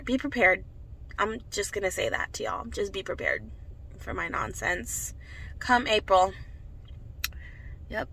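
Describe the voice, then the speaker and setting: A woman's voice: medium pitch, pushed and bright, low-quality recording. A woman in her thirties chatting casually to her vlog viewers, rambling freely from one thought to the next. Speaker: vlogger. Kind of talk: casual chat.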